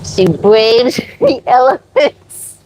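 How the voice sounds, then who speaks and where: A woman's voice: fairly high pitch, big pitch swings, extremely slow, noisy background. A woman from the USA chatting with her live-stream viewers from a sailboat, cooing over her dog. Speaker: vlogger answering live chat. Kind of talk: casual live-stream chat.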